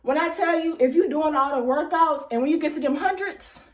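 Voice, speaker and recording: A young woman chatting excitedly to her viewers in a vlog, still out of breath after a workout. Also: sits high, a little fast. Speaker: vlogger. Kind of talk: casual chat to camera.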